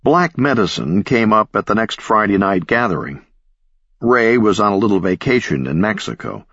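A man narrates an audiobook in a measured, expressive way. His voice is very deep and husky, with lively swings in pitch. The recording is dry and a little dull, with a lo-fi sound. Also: no room sound. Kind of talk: scripted narration.

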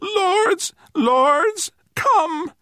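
A timid little furry creature pipes in a thin, quavering voice, pitched very high and pushed loud. It sounds earnest and frightened in a dry, close recording. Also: male voice, expressive, drawn-out words, no echo, exaggerated voice. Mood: pleading. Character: tiny terrified furry creature, piping and quavering.

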